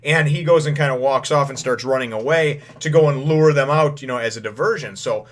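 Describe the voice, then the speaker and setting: A man giving a casual first-impressions recap of a manga chapter, rambling with plenty of filler phrases and acting out lines in quick paraphrase. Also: medium pitch.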